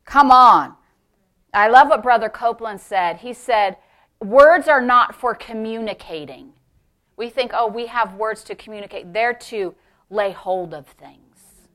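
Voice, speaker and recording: Woman pastor, middle-aged, high bright voice, emphatic sermon delivery that drops to a hush. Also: unhurried. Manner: emphatic preaching that swings from loud exclamations to hushed near-whispers.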